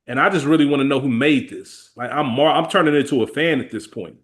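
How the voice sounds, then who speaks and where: A man co-hosting a podcast in casual, slangy chat, with a laid-back, lively way of retelling scenes. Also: mid-range voice, fast talker. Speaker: podcast co-host.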